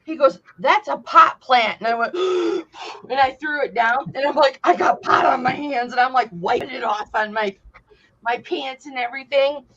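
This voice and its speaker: A woman with a high-sitting voice talks fairly quickly while hosting a casual chat. She tells animated stories, swearing freely and acting out what people said, and the sound is dull and lo-fi.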